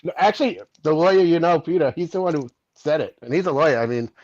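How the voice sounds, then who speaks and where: A man's voice: on the high side, lively intonation, fast, darkish tone, dry recording, muffled recording. A man co-hosting a casual chat, easygoing and jokey, laughing often. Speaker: co-host.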